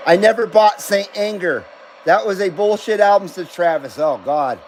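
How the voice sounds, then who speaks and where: A man's voice: high-pitched, moderate pace, a little hiss or hum, rough recording. A man hosting a casual live-stream about CB radio, chatting loosely, laughing often and reading viewer comments aloud. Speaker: CB radio livestream host.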